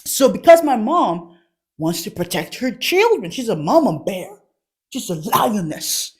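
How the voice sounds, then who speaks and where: A woman's voice: mid-range voice, big pitch swings, a little slow, darkish tone. A woman hosting a comedy show, telling a self-mocking story about church gossip and laughing often as she goes. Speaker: host. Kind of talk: comic storytelling.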